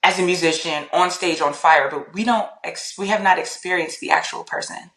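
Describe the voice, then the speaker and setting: A woman tells her faith story on a podcast with lively storytelling energy, acting out her inner voice. Her voice sits on the lower side, and the room around her sounds echoey. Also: normal speed. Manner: animated storytelling, laughs often, acts out her inner voice. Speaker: podcast guest. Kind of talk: casual testimony.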